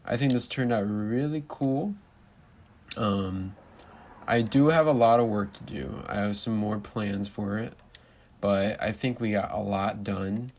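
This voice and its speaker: A young man with a fairly low, darkish voice gives chatty, rambling commentary while showing off his Minecraft build. He talks a little slowly and keeps the casual gameplay talk playful and loose.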